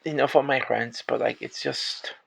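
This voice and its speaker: Gravelly, exasperated man venting. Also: medium pitch, steady tone. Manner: frustrated, exasperated, swears often; halting restarts when upset. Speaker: retail worker. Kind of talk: venting rant to camera.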